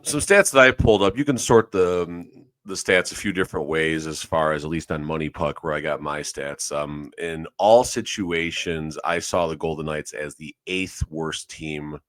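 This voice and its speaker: A man's voice: rumbling low, steady tone, moderate pace, a bit bright, no room sound. A man co-hosting a sports podcast in casual chat, rambling and often correcting himself. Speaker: podcast co-host.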